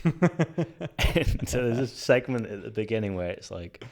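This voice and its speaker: A man with a notably deep, low-pitched voice talks as a guest in a relaxed conversation. He tells stories with animated energy, laughs readily and drops the odd curse word. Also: unhurried. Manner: animated, laughing, swears casually. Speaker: guest filmmaker. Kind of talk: casual chat.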